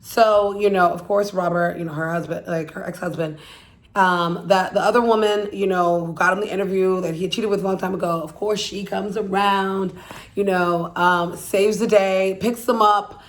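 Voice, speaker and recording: A woman's voice: mid-range voice, fairly even intonation, moderate pace. A woman hosting her own channel, casually recapping a film's plot in a rambling way, full of "like" and "you know," and swearing bluntly. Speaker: YouTube channel host.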